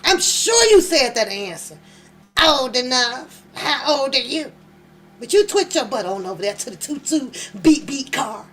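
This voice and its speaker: A woman's voice: sits high, sing-song, unhurried, a bit bright. A woman hosting a reaction channel, giving blunt, mocking, profane commentary and repeating phrases for emphasis.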